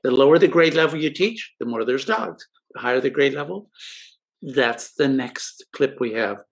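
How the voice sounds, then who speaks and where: A man's voice: mid-range voice, lively intonation, normal speed, vocal fry. Friendly older man teaching. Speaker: educational presenter. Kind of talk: instructional talk to camera.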